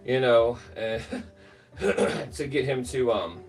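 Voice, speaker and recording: A man's voice: mid-range voice, expressive, drawn-out words, recorded from a distance. A middle-aged man hosting a livestream, telling a rambling, filler-heavy story and greeting chat viewers by name. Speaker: livestream host.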